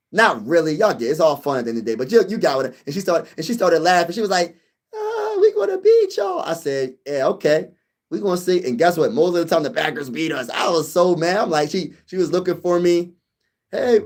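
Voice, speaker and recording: A young man hosting a casual sports livestream, chatting with viewers in hyped, animated fan banter. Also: high-pitched. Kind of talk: casual livestream chat reading comments.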